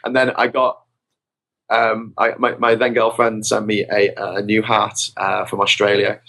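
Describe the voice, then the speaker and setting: Man with a bright voice, rambling tales. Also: on the low side, a little slow, vocal fry. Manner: rambling, self-mocking, animated anecdotes. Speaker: podcast guest, traveler. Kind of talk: casual storytelling. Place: podcast recording.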